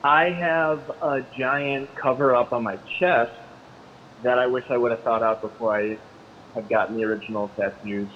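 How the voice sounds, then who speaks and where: A man's voice: medium pitch, fairly even intonation, moderate pace. Dull-sounding man on a call. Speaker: guest, band drummer. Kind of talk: casual chat. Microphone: call-in line. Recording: dull call audio with faint noise.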